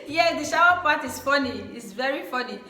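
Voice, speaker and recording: A woman's voice: sits high, animated, a little fast. Effusive young woman vlogger, echoey room. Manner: warm, effusive, repeats phrases for emphasis. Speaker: vlog host. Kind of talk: casual chat. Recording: echoey room with faint music.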